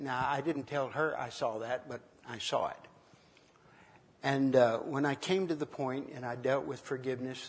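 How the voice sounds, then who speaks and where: An older man, a minister, preaching in an unhurried, conversational way, telling stories from his ministry with frequent pauses. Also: mid-range voice, in a large hall. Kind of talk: sermon teaching with personal stories.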